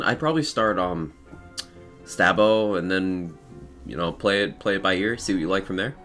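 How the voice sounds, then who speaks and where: A man's voice: low voice, lively intonation, normal speed, fairly bright tone, soft background music. A man streaming a game live, chatting casually with viewers and thanking them, in a groggy, tired morning voice. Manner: reads out viewer names and thanks them, laid-back and chatty. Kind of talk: casual live-stream chat while gaming.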